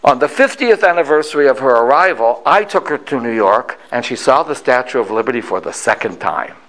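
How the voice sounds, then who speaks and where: An older man in his sixties telling a family story to listeners. His pitch rises and falls with lively swings, and he pauses for effect. His voice sits mid-range for a man. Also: rough recording. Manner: animated, dramatic pauses.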